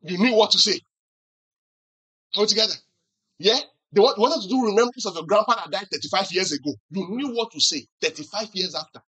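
A pastor preaches a sermon in a husky, sharp-toned, mid-range voice at a fairly quick pace, captured in a low-quality recording. He keeps asking the congregation questions for them to answer back and teases them with humorous acted-out examples.

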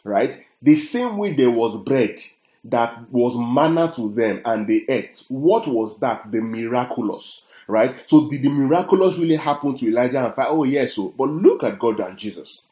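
Male preacher, mellow tone, slow scripture reading, roomy echo. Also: medium pitch, expressive. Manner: rhetorical questions to the congregation; reads scripture aloud slowly. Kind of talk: sermon.

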